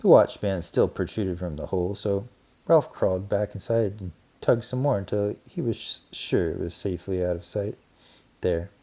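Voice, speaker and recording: A man gently and expressively narrating a children's storybook. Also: deep voice, moderate pace. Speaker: audiobook narrator.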